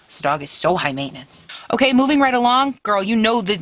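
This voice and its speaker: A woman's voice: medium pitch, big pitch swings, moderate pace, a bit bright. A woman in her late twenties, a beauty YouTuber chatting casually to her viewers from her bedroom, upbeat and talkative, calling her audience "girl.". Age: late 20s. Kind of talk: casual vlog chat to camera.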